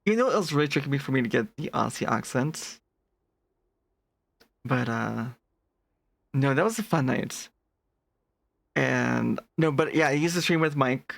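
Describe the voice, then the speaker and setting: A streamer with a deeper, gravelly voice and a touch of fry chats casually with a live audience late at night. The talk is animated, full of quick laughs, and keeps breaking off to read and answer chat messages. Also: dry recording. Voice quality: deeper natural voice. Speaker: VTuber streamer.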